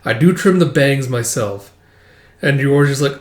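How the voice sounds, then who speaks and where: A man's voice: medium pitch, normal speed. A man casually recapping a manga chapter, rambling and swearing, with lots of fillers. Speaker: manga reader and commentator. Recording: roomy echo.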